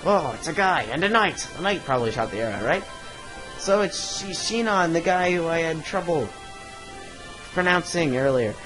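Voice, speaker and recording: A young man plays through a role-playing game and reads the characters' lines aloud, throwing in playful asides between them. His voice sits a little high and jumps all over the place, and game music plays clearly behind him. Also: lively intonation, moderate pace, low-quality recording. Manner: playful, jokey, chuckling asides. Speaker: gameplay channel host. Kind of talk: let's play, reading game dialogue aloud in voices.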